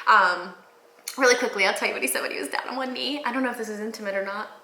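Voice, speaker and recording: A woman in her twenties, chatting excitedly to camera as a vlogger and telling a story. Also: mid-range voice, rapid-fire. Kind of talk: casual chat. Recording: echoey room.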